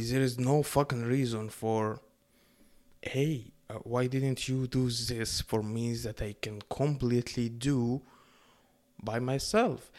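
Young Middle Eastern-born man, mid-pitched, profane sarcastic rant straight to the audience. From Middle East. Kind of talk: casual rant to camera.

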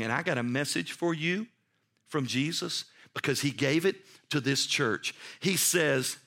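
A man's voice: a little high, expressive, unhurried, bright, forceful tone. Man preaching with emphatic repetition. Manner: emphatic, repetitive preaching with direct questions to the congregation. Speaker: pastor. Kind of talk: sermon. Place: church service.

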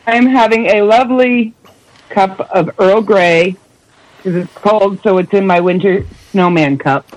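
A woman's voice: mid-range voice, measured pace, no room sound, rough recording. A Canadian woman co-hosting a podcast, chatting playfully and laughing often. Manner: giggly, playful, lively. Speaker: podcast co-host interviewer. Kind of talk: casual podcast chat.

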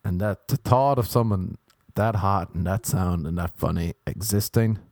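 Speaking at a moderate pace in a low-sitting voice with a darkish tone, a young Irish man hosts a podcast alone, and the recording is dry. He tells rambling, self-mocking stories in a meandering monologue.

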